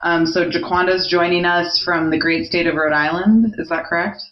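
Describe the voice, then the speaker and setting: A woman's voice: on the low side, fairly even intonation, moderate pace. A woman in her thirties hosting a podcast in casual chat, upbeat and steering the conversation. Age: 30s. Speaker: podcast host. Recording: echoey, muffled home recording.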